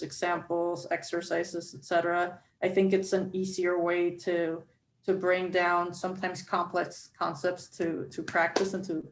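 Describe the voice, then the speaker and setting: Woman, faculty panelist, lowish pitch, monotone, repeats words, faint background hiss. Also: rough recording. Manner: explains with frequent restarts and fillers. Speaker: faculty member. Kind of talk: panel discussion.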